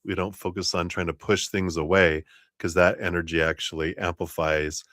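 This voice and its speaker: A man giving a live-stream tarot reading, talking in an animated way about energy and gratitude. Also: low voice, moderate pace, no echo, studio quality. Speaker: tarot reader.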